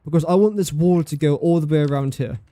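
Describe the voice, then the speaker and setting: A man's voice: on the high side, fast talker, warm tone, no echo. Playful man streaming a game. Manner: playful, chatty, talks to game objects and mocks himself. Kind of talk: casual gameplay livestream chat.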